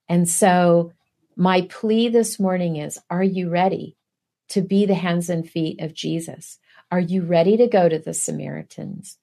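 A woman's voice: on the low side, vocal fry, dark tone. A middle-aged woman giving an earnest preaching testimony, pressing her listeners with rhetorical questions. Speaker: guest speaker.

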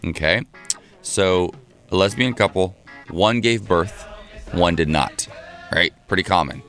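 A man's voice: deep voice, animated, measured pace, fairly bright tone, faint music behind. A man co-hosting a radio show, telling stories in a chatty, wry way. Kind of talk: casual storytelling chat.

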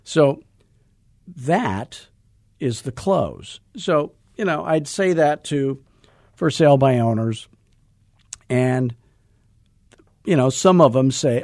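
A middle-aged man coaching real estate agents in a salesy, joking, energetic way. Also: medium pitch, slow, long pauses, no room sound, clean studio sound. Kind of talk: coaching podcast talk.

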